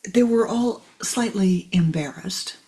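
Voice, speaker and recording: Slow, gravelly woman telling a parable. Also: mid-range voice. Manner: slow, gentle storytelling. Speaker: spiritual teacher. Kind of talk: spiritual teaching story.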